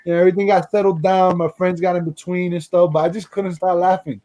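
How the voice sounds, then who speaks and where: A man hosting a casual livestream chat, telling stories in an animated way. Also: high voice, fast talker, no room sound, poor audio. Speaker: channel host.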